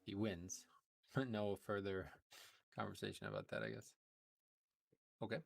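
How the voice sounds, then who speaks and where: A man's voice: on the low side, a little slow, gravelly. A man streaming a video game, chatting casually and musing aloud, often trailing off. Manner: relaxed, musing, trails off with "I guess". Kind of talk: casual chat during co-op gameplay.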